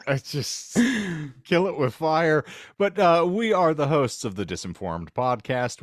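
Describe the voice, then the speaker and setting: Man, podcast host, mid pitch, dry close mic, wordy mock-grand patter. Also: dry recording. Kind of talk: casual comedic podcast chat.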